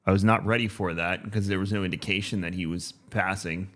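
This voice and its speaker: Dad in his 30s cohosting a podcast, lowish voice, laid back, lots of ums. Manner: relaxed, halting with fillers. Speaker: podcast co-host. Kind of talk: casual podcast chat.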